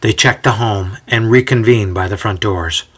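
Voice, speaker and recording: A man giving a measured, scripted story narration. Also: fairly low pitch, fairly bright tone, breathy edge.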